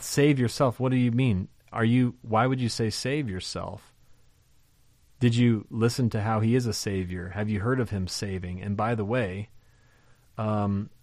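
A man with a fairly low voice lectures on a scripture passage, reading it aloud and commenting in a loose, conversational way. He leans hard on his points and keeps asking rhetorical questions. The sound is dry, with almost no room echo. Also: darkish tone. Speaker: Bible teacher.

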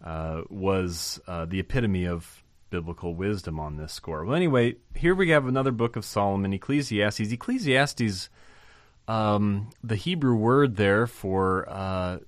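Man, Bible teacher, lowish voice, dry close sound, conversational, animated emphasis. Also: dry recording. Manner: conversational, thinking aloud with fillers and restarts. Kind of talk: informal Bible lesson.

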